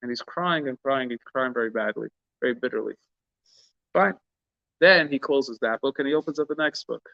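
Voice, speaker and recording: A man's voice: medium pitch, brisk, creaky, a bit bright, no room sound. A man gives an informal Torah talk as a rabbi, earnest and searching for words, often restarting mid-thought and slipping in Hebrew and Yiddish terms. The recording is dull and lo-fi. The sound is dry, with no room around it. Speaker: rabbi teaching a class.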